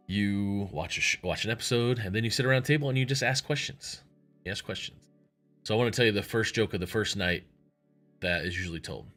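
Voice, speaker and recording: A man's voice: lowish voice, bright, forceful tone. A man hosting a livestream show, talking in a rambling, chatty way and often correcting himself. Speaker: livestream host. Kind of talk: casual livestream talk.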